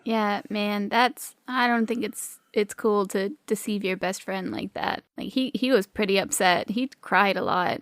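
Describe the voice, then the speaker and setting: A woman's voice: mid-range voice, steady tone, measured pace, few pauses, a bit bright, no echo, clean studio sound. A woman player in a tabletop role-play game, talking in a laid-back, casual way.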